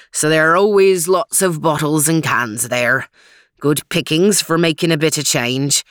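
A loyal, fretful Scottish hound pleads for help in broad homely dialect, as a woman narrator puts him on. The delivery is close and dry, in a lowish register. It suits a children's storybook. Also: no echo. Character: Scottish-talking male dog, anxious and loyal.

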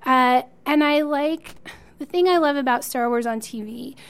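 A woman's voice: sits high, moderate pace, smooth. A woman co-hosting a podcast, chatting enthusiastically as a fan and laughing often. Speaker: podcast co-host. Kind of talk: casual chat.

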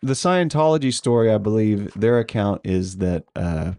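A man's voice: on the low side, expressive, normal speed, a little mellow. A man co-hosting a podcast, chatting casually with a hedging, laughing manner and frequent ums. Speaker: podcast co-host. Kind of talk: casual conversational podcast chat.

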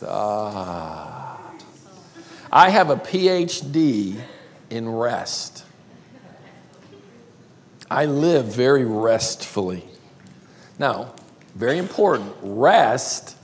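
An older man from South Carolina with a Southern accent, preaching a playful sermon and drawing words out slowly. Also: mid-range voice, expressive, slight background noise. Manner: playful, drawls words slowly, calls crowd y'all. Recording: long hall reverb.

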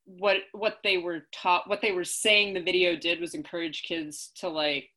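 A young woman from upstate New York, co-hosting a casual chat and telling stories in an animated way. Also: fairly low pitch, normal speed. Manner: chatty, animated storytelling with laughs.

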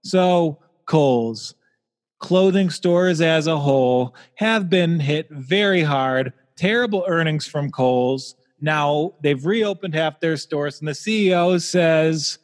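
Dude hosting a finance-y comedy podcast, dry jokes, kinda high voice, sounds like a big echoey room. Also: male voice, lively intonation, slow. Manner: dry, wry, reading out figures. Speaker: podcast host. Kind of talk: casual comedic podcast chat.

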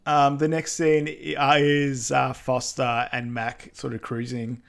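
A man co-hosting a casual podcast, recapping film scenes in a relaxed, hesitant way with many ums. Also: medium pitch, slow pace, vocal fry. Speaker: podcast co-host.

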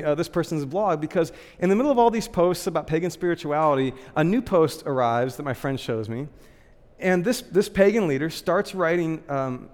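A man giving a relaxed, conversational sermon in a slightly higher voice, peppering his talk with "like" and "um". His voice rings with a long reverb, as if the room is large. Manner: chatty, frequent "like" and "um" fillers, laughs lightly. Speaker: pastor.

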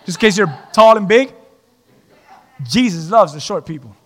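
A male pastor preaching a sermon in a church, lively and joking, with shouted emphasis. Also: high voice, moderate pace. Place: church sanctuary. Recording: long hall reverb.

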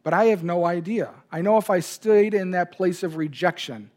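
A pastor preaches a sermon, sharing an emotional personal anecdote with his congregation. He has a high, darkish voice and speaks at a moderate pace.

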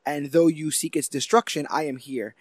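A man reads out a superhero's grave, rousing speech, his voice sitting a little high. The delivery is solemn and declaiming. The sound is close and dry. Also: fairly even intonation, moderate pace, dry recording, close to an everyday voice. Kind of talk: dramatic reading aloud.

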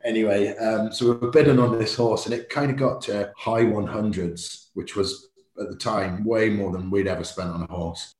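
A middle-aged man, a guest telling an animated story in a podcast interview and acting out quoted shouts. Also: on the low side. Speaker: racehorse owner, guest. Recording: echoey room.

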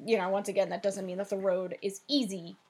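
A woman's voice: medium pitch, fairly even intonation, a little fast, darkish tone, slightly rough. A young woman with a New Jersey accent, co-hosting a casual podcast and recapping a show with lots of fillers. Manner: chatty, many fillers, swears casually. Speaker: podcast co-host.

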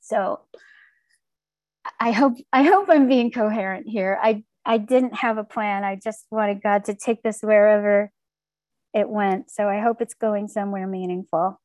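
A woman's voice: mid-range voice, measured pace, a little mellow, no room sound. Candid woman sharing her story. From Texas. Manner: candid, wry storytelling with acted-out inner voices. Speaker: speaker sharing a recovery story. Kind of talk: personal testimony talk.

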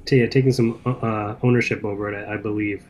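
A man's voice: on the low side, steady tone, fast, darkish tone, highs cut off, a little hiss or hum. A man co-hosting a podcast in casual chat, easygoing and agreeable, with hesitant fillers. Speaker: podcast co-host.

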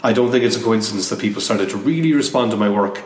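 Guest spot: soft-spoken man, fairly low voice, halting delivery with many restarts, picked up from a distance in a roomy space with long reverb. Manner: hesitant, many restarts and fillers. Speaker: comic book artist guest. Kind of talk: casual interview conversation. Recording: roomy echo, distant mic, faint noise.

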